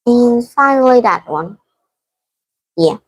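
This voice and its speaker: Woman, English student, halting English, dizzy, video call. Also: a little high, animated, rough recording. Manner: halting, informal non-native English. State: dizzy from heat. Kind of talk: reading exercise answers aloud.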